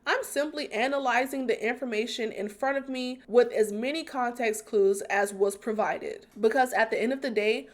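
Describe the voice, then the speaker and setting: Female commentary host, a bit high, earnest and emphatic analysis. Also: normal speed, few pauses. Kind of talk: scripted commentary.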